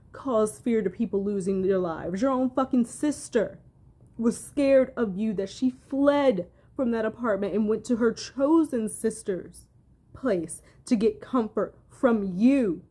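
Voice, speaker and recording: A woman's voice: fairly high pitch, a little slow, warm tone. A woman delivering a heated, profane commentary rant to her viewers. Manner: angry, profane, emphatic. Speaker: commentary vlogger.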